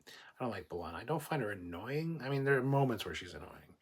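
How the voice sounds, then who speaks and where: A man's voice: mid-range voice, big pitch swings, quick pace, breathy edge. A man hosting a casual livestream, reading chat comments aloud and giving blunt, opinionated replies with plenty of swearing.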